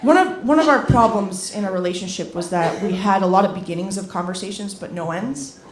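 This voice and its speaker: A young woman in her twenties doing a stand-up set, rambling and self-deprecating, swearing freely and jumping into loud acted asides. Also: medium pitch, a little fast. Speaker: stand-up comedian. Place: comedy club stage with a laughing audience. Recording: roomy club sound with crowd laughter.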